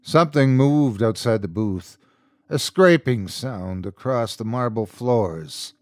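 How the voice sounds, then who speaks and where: A man narrating a scripted horror story as host, in a measured, dramatic storytelling manner. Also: medium pitch, expressive, darkish tone, no room sound, studio quality.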